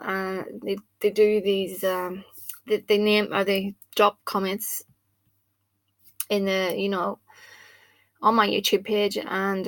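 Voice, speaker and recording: A woman talks through a card reading at a table indoors, chatty and informal as she thinks aloud. Her voice sits in a middle pitch with little rise and fall. The camera mic picks her up dry, with no room echo. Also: a bit bright. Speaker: spell caster and card reader. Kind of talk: casual talk to camera.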